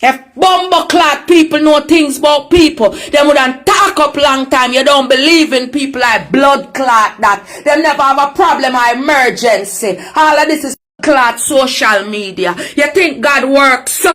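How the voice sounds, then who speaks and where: Furious high-voiced Jamaican woman ranting. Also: unhurried, hardly any pauses. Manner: furious, profane, shouting insults. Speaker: social media personality. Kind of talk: angry social media rant.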